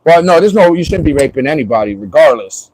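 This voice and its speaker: A man's voice: on the high side, lively intonation, fast, a little mellow, slightly rough, poor audio. A man from Florida chatting casually on a livestream, joking and rambling and laughing often.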